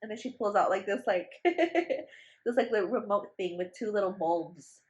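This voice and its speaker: A woman's voice: mid-range voice, moderate pace, darkish tone, muffled recording. Chatty young woman telling a story. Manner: chatty, many fillers and restarts. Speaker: vlogger, new mother. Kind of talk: casual storytelling.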